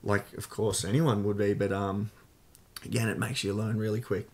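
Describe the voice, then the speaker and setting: Australian man, low voice, podcast guest, loose candid storytelling. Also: flat delivery, normal speed. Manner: candid, rambling, many fillers. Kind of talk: casual storytelling interview.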